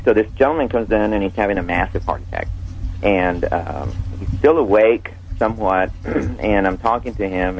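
A man, an emergency room doctor, telling a story in an interview, halting with many fillers and restarts. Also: sits low, lo-fi sound, slight background noise.

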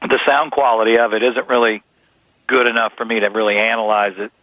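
A man joining a radio show as an analyst, speaking carefully and hesitantly and clearing his throat. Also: mid-range voice, level tone, fairly quick, no room sound. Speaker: guest analyst. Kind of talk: phone-in radio interview. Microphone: telephone. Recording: dry tinny phone line.

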